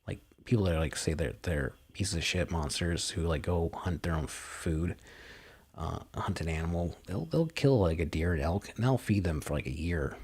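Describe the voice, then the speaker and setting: A man's voice: deep voice, expressive, normal speed, darkish tone, husky. A man hosting a livestream, reading an article aloud in rambling commentary and ranting in a sarcastic, profane way. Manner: sarcastic, profane ranting with frequent fillers and restarts. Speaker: livestream host.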